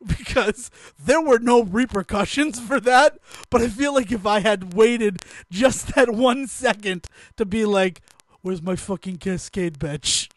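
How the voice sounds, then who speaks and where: A man's voice: very high-pitched, unhurried, dry recording. A man co-hosting a podcast, telling a story in casual chat, laughing as he goes and swearing freely. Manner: laughs through his stories, swears freely. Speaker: podcast co-host.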